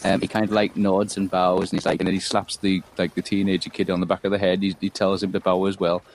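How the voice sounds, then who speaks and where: A man's voice: low voice, completely flat delivery, fast, vocal fry, low-quality recording. A man narrating as game master of a tabletop game, rambling with lots of restarts, with faint noise behind. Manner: rambling, full of fillers and restarts.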